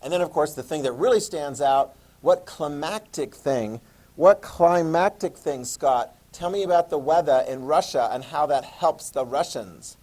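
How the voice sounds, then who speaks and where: A man teaching a history class, lecturing in an animated way, joking and asking students questions. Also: a little high, normal speed, hardly any pauses, low-quality recording. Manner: animated, talks to students, jokes and asks questions.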